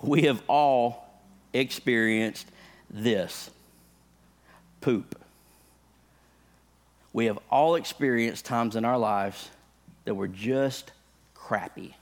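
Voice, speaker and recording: A man who is a pastor, telling a funny personal story as part of a sermon, animated, with his voice jumping up high when excited. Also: extremely slow, long pauses.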